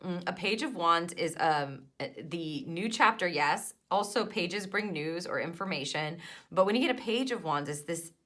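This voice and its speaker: A woman with a fairly low voice but a bright, forceful tone gives a tarot reading to her viewers. She is encouraging and emphatic, pressing her points and hesitating with fillers in between. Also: lively intonation, normal speed. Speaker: tarot card reader.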